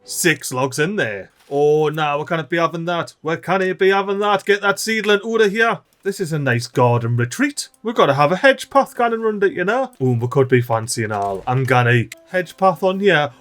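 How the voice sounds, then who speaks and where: A man chatting excitably through a let's-play video and talking to his game characters. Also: a little high, moderate pace, few pauses, soft background music. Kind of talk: casual gameplay commentary.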